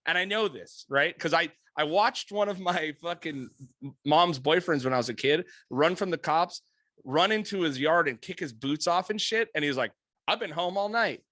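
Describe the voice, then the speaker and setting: A man's voice: a little high, normal speed, pushed and bright, no echo. A man co-hosting a podcast, telling a story in a casual, profane way, laughing often and acting out the people in it. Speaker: podcast co-host. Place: podcast studio room.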